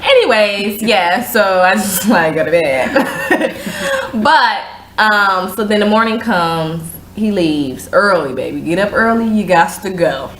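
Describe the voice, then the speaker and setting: Animated woman telling stories in an echoey room. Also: takes it slowly, slight background noise. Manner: animated, slangy, acts out quotes in a higher voice. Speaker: show host. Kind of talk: casual storytelling chat.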